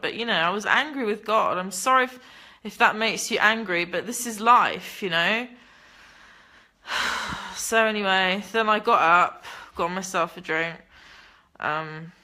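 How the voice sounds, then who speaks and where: A woman's voice: mid-range voice, sharp tone. A young woman telling her own story in a candid, casual way, swearing freely as she reads her chat. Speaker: livestreamer reading chat.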